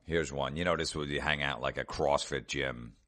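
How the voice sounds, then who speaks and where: Male comedian host, extremely deep voice, sarcastic and foul-mouthed. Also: normal speed, pushed and bright. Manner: sarcastic, profane mockery. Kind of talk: comedic podcast rant.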